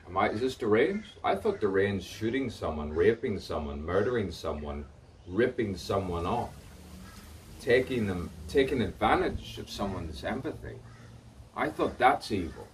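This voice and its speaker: A man's voice: fairly low pitch, very animated, normal speed, recorded from a distance, slight background noise. A man outdoors delivering a rambling spoken-word monologue, repeating phrases and playing with rhyming words. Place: outdoors in the sun.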